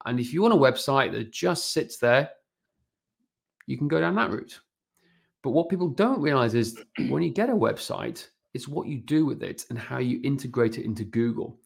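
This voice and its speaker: A man's voice: medium pitch, gravelly. A man in his forties, a guest on a podcast, explaining website matters casually and animatedly, often checking in with "right?". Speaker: guest, fitness business and website consultant.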